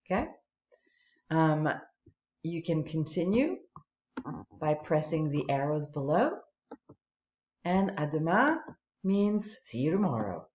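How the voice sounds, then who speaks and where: Woman teacher, slow patient explaining, lower-pitched, lo-fi echoey computer mic. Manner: lively, patient, explaining step by step. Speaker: French teacher. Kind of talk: screen-recorded tutorial walkthrough. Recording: echoey room, dull lo-fi sound.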